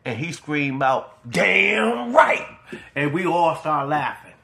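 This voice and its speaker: A man's voice: fairly high pitch, a little slow. A middle-aged man, casually telling a personal story with emotion and humor, acting out the other people's voices. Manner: animated, acts out voices, emotional and petty humor.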